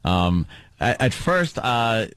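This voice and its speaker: A man's voice: mid-range voice, very animated, slow pace, fairly bright tone, clear, resonant tone, no room sound. A man hosting a casual chat, talking in a rambling, hesitant way with many fillers. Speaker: host.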